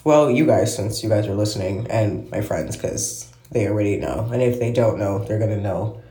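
A man talks through a loose, casual podcast monologue, swearing freely and losing his thread before picking it up again. His voice is mellow and warm. The room around him is echoey. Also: on the low side, moderate pace. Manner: rambling, swears freely, trails off and restarts. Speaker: podcast host. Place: at home, smoking while recording. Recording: roomy echo.

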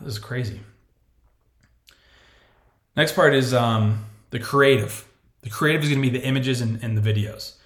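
Chatty man in an echoey room. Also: mid-range voice. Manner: animated, chatty, acts out imagined clients in voices. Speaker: podcast host. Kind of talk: casual marketing advice monologue.

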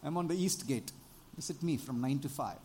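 A man preaching a sermon, animated, often asking the congregation for amens and rising to loud exclamations. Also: mid-range voice, brisk, a little hiss or hum. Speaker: pastor.

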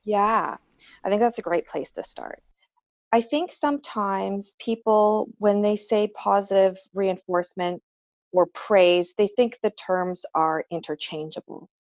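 A woman's voice: medium pitch, measured pace, no room sound. A woman working as a behavior analyst, explaining patiently with everyday examples in a casual podcast chat. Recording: dull, slightly lo-fi dry recording.

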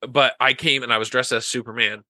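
Bright-voiced young man telling stories. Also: mid-range voice, a little fast, no room sound. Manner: animated storytelling, acts out his own past words in whispers. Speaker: podcast guest. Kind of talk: casual chat.

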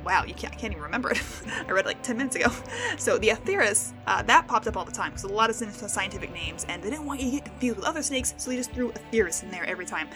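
Over music, a young American podcast host runs her casual solo show at a very fast clip, her mid-range voice animated. She trips over words and laughs at herself in a playful way.

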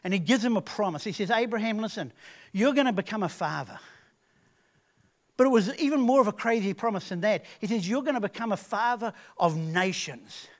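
A man preaches a sermon with a notably high voice. He tells his story in a lively, animated way, often stopping to restart a phrase. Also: a little fast.

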